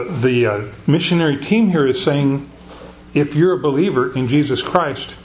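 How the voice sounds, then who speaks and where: A man's voice: mid-range voice, lo-fi sound, a little hiss or hum. A middle-aged man preaching a conversational sermon, often restarting his sentences. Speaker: pastor.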